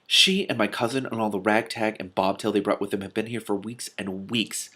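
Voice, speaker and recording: A man's voice: fairly low pitch, steady tone, pushed and bright. A man voicing a young king who sounds cheerful, formal and then bluntly firm with his council. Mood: brisk. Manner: brisk, royal, then blunt.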